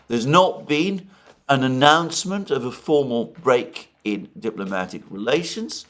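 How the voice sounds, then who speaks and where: Middle-aged male commentator, solo analysis, measured and expansive, very lively pitch. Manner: measured, expansive delivery with frequent restarts. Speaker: political commentator. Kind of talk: solo commentary reading from an article.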